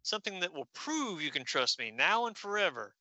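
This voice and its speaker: A shifty, smooth-talking ex-lover from a comic book, read out by a man, coaxing and insistent. The voice is bright and close. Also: high-pitched, very animated, fairly quick, no room sound, full character voice.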